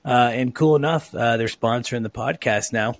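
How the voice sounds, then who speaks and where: A man's voice: mid-range voice, moderate pace, no echo. A man hosting a podcast who chats casually, rambling with plenty of fillers. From Oregon, USA. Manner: chatty, rambling with many fillers. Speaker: podcast host. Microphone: own mic on a remote call.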